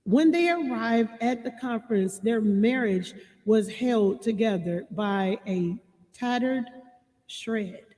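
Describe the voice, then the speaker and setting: Slow, deliberate woman giving marriage advice. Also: a little high, mellow, big-room sound. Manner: slow, deliberate, repeats lines for emphasis. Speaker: relationship advice speaker. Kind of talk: reading and commenting on a marriage book.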